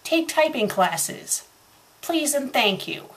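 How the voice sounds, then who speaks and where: A woman's voice: high voice, very animated, slow, a bit bright. A woman reviewing fan fiction, reading passages aloud and breaking in with sarcastic, exasperated commentary.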